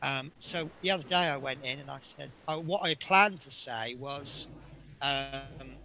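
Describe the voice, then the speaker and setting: A man's voice: mid-range voice, a little slow, gravelly, pushed and bright. A middle-aged man, a bus driver, chatting casually and telling rambling work stories with frequent chuckles while building a model. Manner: rambling and anecdotal, chuckling often.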